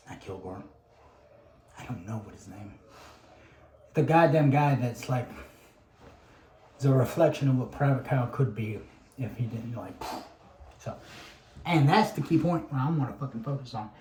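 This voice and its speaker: A man's voice: medium pitch, a little mellow, slight background noise. A man in a rambling, profane casual monologue, sighing often and restarting his sentences. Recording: roomy room, faint ambience.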